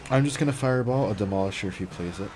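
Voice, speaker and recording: A man's voice: lowish voice, rapid-fire. A young man livestreaming a mobile game, chatting casually, reading chat and reacting to plays.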